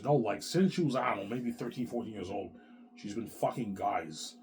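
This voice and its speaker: A man's voice: lowish voice, lively intonation, normal speed, a little mellow. A man ranting in a rambling solo vlog, profane and repetitive. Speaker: vlogger.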